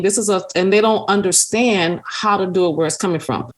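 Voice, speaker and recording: A woman's voice: lowish voice, a little fast, hardly any pauses. A woman talking as an interview guest, earnestly telling a personal story and often acting out what others said. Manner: earnest, acts out other people's words as she tells her story. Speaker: guest, nonprofit CEO and parent.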